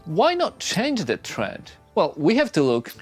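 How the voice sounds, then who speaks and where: A man giving scripted explainer narration in a lively, explanatory manner. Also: sits high, measured pace, breathy edge, faint music behind. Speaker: video narrator.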